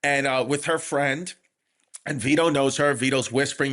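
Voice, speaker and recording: A man's voice: mid-range voice, steady tone, moderate pace, a bit bright. A man hosting a comedy podcast, telling stories in a rambling way with lots of fillers and restarts. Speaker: podcast host. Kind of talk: casual comedy podcast chat.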